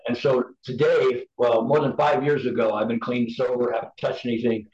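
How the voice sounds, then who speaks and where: A man's voice: mid-range voice, flat delivery, normal speed, a little mellow. A middle-aged man, a podcast guest, giving candid personal testimony in an earnest, emphatic, preacher-like way. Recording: roomy, dull lo-fi sound.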